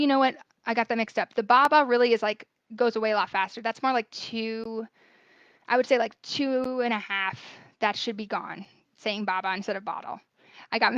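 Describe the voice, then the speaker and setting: A woman's voice: a little high, fairly bright tone, no echo. Chatty woman speech therapist explaining. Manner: chatty, many fillers, self-correcting. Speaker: speech-language pathologist. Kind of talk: casual informal teaching talk. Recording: dry, slightly dull sound.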